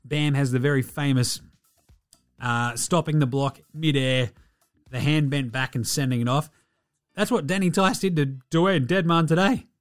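A man's voice: fairly high pitch, moderate pace, faint music behind. A man hosting a podcast, giving a casual, profane, rambling basketball recap. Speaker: podcast host.

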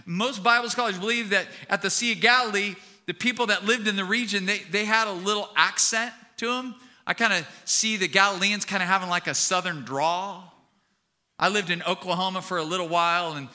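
A man's voice: sits high, moderate pace, sharp tone. A male pastor giving a conversational sermon, telling a story and acting out quotes.

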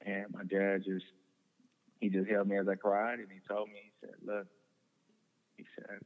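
Young male guest, earnest, stumbling restarts, low voice, phone-thin sound with long reverb. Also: monotone, moderate pace, long pauses, narrow, tinny audio. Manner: earnest, repeats words and restarts often. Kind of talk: personal testimony in conversation.

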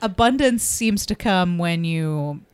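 A woman's voice: lowish voice, expressive, clear, resonant tone, no room sound. Chatty woman gushing about a film. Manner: chatty, many filler likes, quick to laugh. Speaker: podcast co-host. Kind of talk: casual film discussion.

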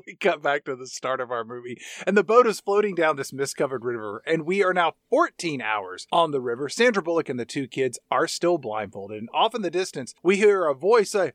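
Brief: male podcast co-host, higher voice, lively, dry close sound. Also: brisk, hardly any pauses, dry recording. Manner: animated, jokey. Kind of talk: comic movie recap.

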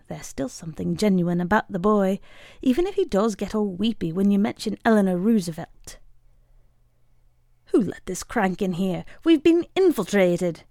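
A woman reads a short story aloud in a wry, measured voice. Her tone is gravelly and of medium pitch. The sound is dry and close, with no room around it. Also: darkish tone, dry recording. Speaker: reader.

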